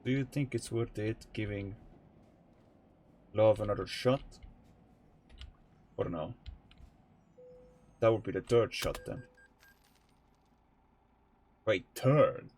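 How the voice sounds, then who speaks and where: Slow-talking young male streamer, candid and rambling. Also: fairly low pitch, a little mellow. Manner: rambling, candid, swears freely, muses aloud to chat. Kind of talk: casual live-stream chat while playing a truck game.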